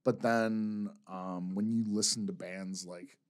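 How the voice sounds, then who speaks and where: A man with a baritone speaking voice, a musician guest chatting casually in a radio studio and rambling with lots of fillers. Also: slow pace. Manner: relaxed, rambling, full of "like" fillers. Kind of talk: casual interview chat.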